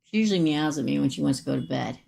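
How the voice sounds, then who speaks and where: A chatty woman gives a casual livestream tarot reading. Her voice is low and gravelly with plenty of fry, and she talks to viewers in a folksy, straight-talking way. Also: lively intonation, very fast, a little mellow. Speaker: tarot reader.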